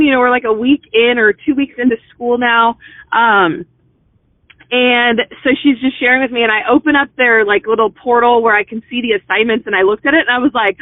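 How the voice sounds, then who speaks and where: A woman's voice: fairly high pitch, normal speed, no echo. A middle-aged woman giving an earnest, encouraging motivational talk to consultants, conversational and full of "you know" and "um". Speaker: business mentor speaking to consultants. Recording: thin phone-like sound, dry.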